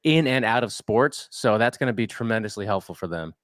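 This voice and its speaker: A man's voice: on the low side, expressive, brisk, no room sound, studio quality. A man hosting a podcast, chatty and enthusiastic, full of "like" fillers. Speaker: podcast host. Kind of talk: casual podcast conversation.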